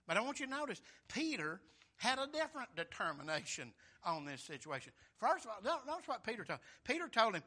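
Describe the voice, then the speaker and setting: Bright-voiced preacher man. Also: high voice, very animated, fast. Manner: folksy, emphatic, rises to loud shouting peaks. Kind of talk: sermon.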